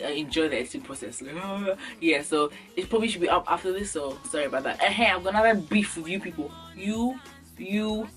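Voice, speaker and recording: A young woman from Ghana talking on her beauty vlog, joking and acting out everyday moments with sudden jumps in her voice. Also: fairly low pitch. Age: young adult. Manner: animated, acts out little scenes with sudden jumps in voice. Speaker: beauty vlogger. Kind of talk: casual comedic vlog monologue. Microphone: camera mic.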